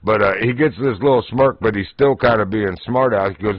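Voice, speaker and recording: A man's voice: on the low side, brisk, no echo. A man hosting a livestream, telling casual stories in a folksy way and often laughing as he talks. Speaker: livestream host. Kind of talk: casual storytelling. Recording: dull, dry lo-fi stream audio.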